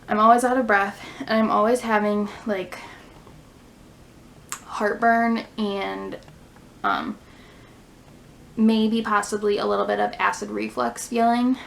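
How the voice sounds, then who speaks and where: Young mom vlogging at home, gravelly voice, kinda breathless, says like a lot, faint hiss behind. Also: female voice, mid-range voice, poor audio. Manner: chatty, many "like" fillers. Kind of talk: casual pregnancy update vlog. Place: home near a fire station.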